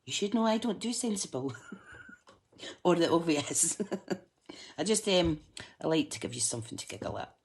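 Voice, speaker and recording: A woman's voice: fairly low pitch, expressive, moderate pace, pauses often, darkish tone. A Scottish woman chatting casually to live viewers as she demonstrates a craft project, joking at her own expense as she works. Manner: chatty, self-mocking, talks to viewers while working.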